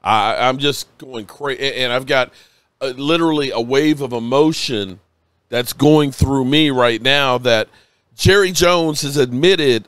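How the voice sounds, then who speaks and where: A man's voice: mid-range voice, a little slow, a bit bright, clean tone, no echo. A man live-streaming, emotional and a bit tipsy, rambling and swearing as he rants with emphatic bursts.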